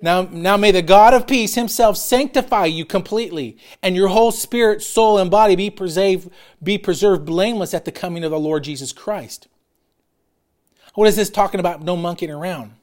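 Loud, emphatic middle-aged male pastor. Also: sits high, normal speed. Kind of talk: sermon.

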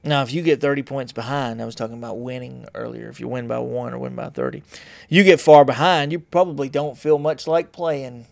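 A man with a gravelly, fry-edged voice talks in a rambling, blunt monologue, often mocking himself. His pitch sits in an ordinary middle range, and the sound is dry and close. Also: fairly even intonation, fairly quick, no room sound. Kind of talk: casual monologue.

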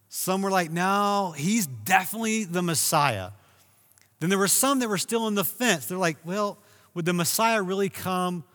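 A man preaching a sermon, telling a story with animated emphasis and raising his voice for key moments. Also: fairly high pitch, big-room sound. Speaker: pastor.

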